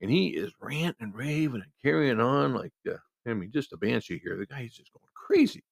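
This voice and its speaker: A man's voice: medium pitch, expressive, brisk, gravelly, no echo. A man telling a rambling hospital anecdote in a casual way, with many restarts. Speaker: storyteller.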